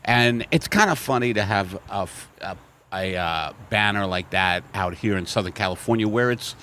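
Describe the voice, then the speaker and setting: A man hosting a podcast in casual, rambling comic chat with a deadpan delivery, recorded outdoors at a coffee shop. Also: lowish voice, moderate pace, slight background noise. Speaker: podcast host.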